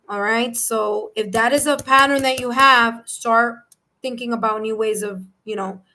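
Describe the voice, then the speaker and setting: A woman with a New York accent giving a live tarot reading, animated and repeating phrases as she reads cards and chat messages aloud. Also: on the high side, measured pace, poor audio. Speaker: tarot reader.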